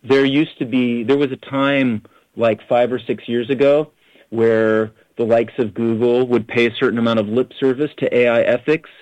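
A man giving animated, critical answers as an interview guest, often restarting his sentences. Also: mid-range voice, moderate pace, no room sound. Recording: dull lo-fi radio audio.

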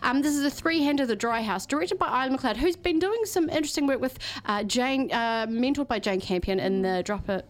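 A woman's voice: high voice, lively intonation, brisk, few pauses. A woman hosting a studio radio interview, talking in an effusive, chatty way full of restarts and asides. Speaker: radio host.

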